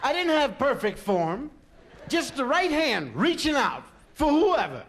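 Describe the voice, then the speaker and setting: Man, stand-up storyteller, from Philadelphia, high lively voice, chatty and animated. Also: unhurried. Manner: animated, conversational, full of "you know" and "man". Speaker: comedian.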